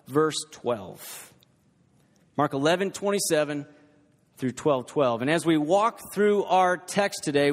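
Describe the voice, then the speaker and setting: A man preaching a sermon as pastor, emphatic and rhetorical, repeating his key points and drawing the listeners in with questions. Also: on the high side. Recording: long hall reverb.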